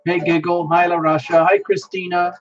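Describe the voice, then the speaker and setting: A man's voice: sits high, flat delivery, normal speed, highs cut off, loud music behind the voice. A worn-out man hosting a tarot livestream, rambling casually and greeting viewers by name.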